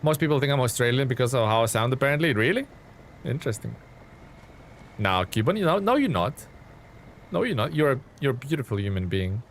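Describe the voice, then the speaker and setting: A man's voice: mid-range voice, big pitch swings, brisk, pauses often, a little hiss or hum. Chatty man live-streaming a truck game. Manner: rambling, restarts often, answers chat by name. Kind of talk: casual live-stream chat.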